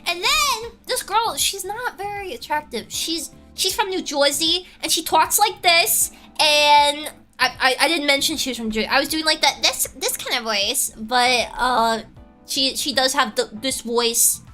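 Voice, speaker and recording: A woman's voice: high-pitched, a little slow, pushed and bright, soft background music. A young adult woman streamer telling a gossipy story in casual chat, laughing often and answering her chat.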